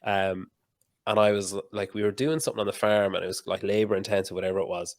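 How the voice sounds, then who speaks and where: A man's voice: fairly low pitch, steady tone, fast, no room sound, clean studio sound. A man hosting a podcast, chatting casually and telling rambling, laugh-filled stories with the odd swear word. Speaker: podcast host. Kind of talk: casual chat.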